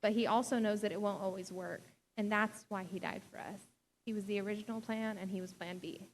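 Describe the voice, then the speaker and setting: A woman's voice: medium pitch, steady tone, a little fast, big-room sound, slight background noise. A young adult woman pastor giving a sermon in a casual, chatty way, full of "like" and small laughs. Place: church sanctuary.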